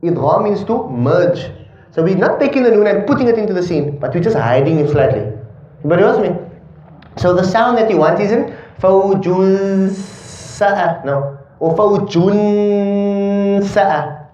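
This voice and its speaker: A man's voice: high voice, lively intonation, moderate pace, a little mellow. A man teaching a class on Quran recitation rules, often checking whether the students follow him. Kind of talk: classroom tajweed lesson. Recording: dull echoey classroom recording.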